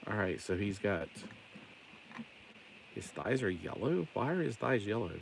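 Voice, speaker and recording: Low-voiced rambling Southern man. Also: very animated, measured pace, gravelly, a little hiss or hum. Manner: rambling, chatty, jokey asides. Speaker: toy collector streamer. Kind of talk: casual live-stream chat while building toys.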